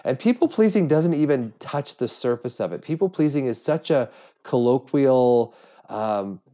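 A middle-aged man hosts a solo podcast in a warm, expressive, mid-range voice at a moderate pace. Though he has a cold, he delivers a reflective monologue, speaking earnestly and searching himself, often restarting his sentences.

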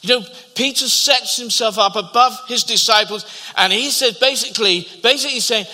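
Bright-voiced male preacher in a reverberant hall. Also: extremely high pitch, normal speed, hardly any pauses. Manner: storytelling, repeats words, drops to a hush at tender moments. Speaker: pastor. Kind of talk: sermon.

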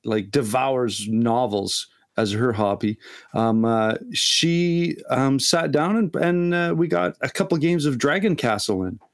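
A man co-hosting a casual board game chat, playful and halting, full of ums and uhs. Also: mid-range voice. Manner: playful, halting with many fillers. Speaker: board game podcast co-host.

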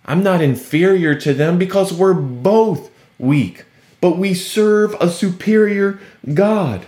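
Man, preacher, sermon, lively swinging pitch, slightly high voice. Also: slow pace, echoey room. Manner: animated, sarcastic at times, acts out quoted speech.

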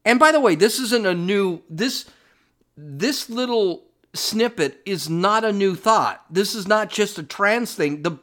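Middle-aged male podcast host, blunt sarcastic commentary, animated and fairly high voice. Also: measured pace. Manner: blunt, sarcastic, repeats himself with restarts. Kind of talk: opinionated commentary on played clips.

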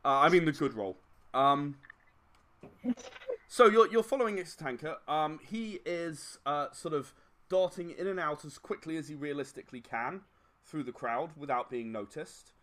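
A man's voice: fairly high pitch, moderate pace, fairly bright tone. A man running a tabletop game as game master, narrating in a rambling style with frequent fillers and chuckles.

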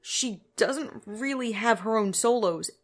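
A woman's voice: fairly high pitch, takes it slowly. A woman hosting a podcast in casual chat, explaining details and adding dry asides. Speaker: podcast host.

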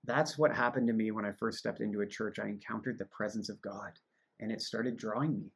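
A man's voice: lowish voice, brisk, gravelly, breathy edge. A man hosting a livestreamed faith podcast, chatting casually and telling stories with frequent laughter. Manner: animated storyteller, laughs often. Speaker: podcast host.

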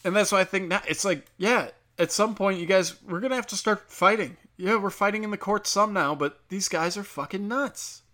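A man's voice: sits high, normal speed, hardly any pauses, sharp tone. A man hosting a solo podcast, talking in a crude, profane, rambling monologue. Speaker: podcast host.

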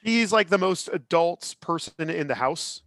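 A man in his thirties co-hosting a podcast, chatting casually in an animated, opinionated way with lots of restarts. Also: fairly high pitch, measured pace, no echo, clean studio sound. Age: 30s. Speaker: podcast co-host. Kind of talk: casual chat.

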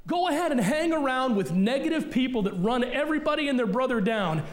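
High-voiced blunt preaching man. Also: animated, brisk. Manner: forceful, blunt preaching with repeated punchlines. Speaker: pastor. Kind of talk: sermon. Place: church sanctuary.

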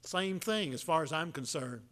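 A man preaching a folksy sermon, telling a Bible story in a halting way with many filler sounds. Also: on the high side, expressive, fairly bright tone.

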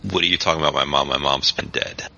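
A man's voice: rumbling low, fairly even intonation, fast, gravelly, pushed and bright, full character voice. A man voicing a wary, guarded young man who answers in curt, defensive questions. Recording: dull lo-fi podcast audio.

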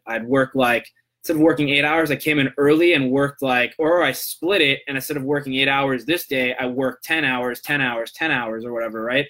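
A man's voice: mid-range voice, bright, forceful tone. A man hosting a casual solo podcast, talking in a loose, rambling way and checking in with "right?". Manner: rambling, loose and conversational, tags lines with "right?". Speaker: podcast host.

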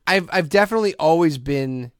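A man hosting a podcast in casual chat, an animated storyteller who acts out what other people said. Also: fairly high pitch, fairly quick, smooth, no room sound, clean studio sound. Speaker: podcast host.

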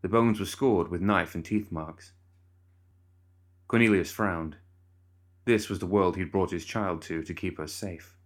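A man narrating a story in a measured, even way. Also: low-pitched. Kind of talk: scripted narration.

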